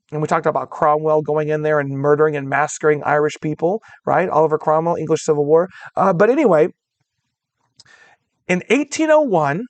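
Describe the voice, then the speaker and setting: A man's voice: fairly high pitch, no room sound. Upbeat male history teacher, dry close mic. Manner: conversational, addresses students as guys, checks in with all right; acts out voices of historical groups in quotes. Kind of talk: recorded classroom lecture.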